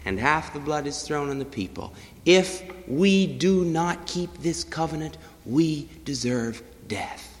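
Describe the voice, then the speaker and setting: A man preaching a sermon, swinging between loud declarations and hushed, low-pitched passages. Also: animated, takes it slowly, big-room sound.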